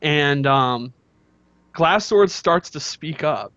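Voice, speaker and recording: A man casually telling a story on a podcast, animated and imitating others with loud outbursts. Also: on the high side, takes it slowly, no room sound, lo-fi sound. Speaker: podcast co-host.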